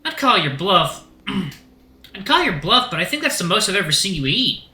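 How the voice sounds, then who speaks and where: A stern, bossy female bear, as a man puts her on snaps questions with impatience. Her voice sits high and bright, in a roomy space with faint music underneath. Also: big pitch swings, normal speed, full character voice. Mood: scornful. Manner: impatient and commanding.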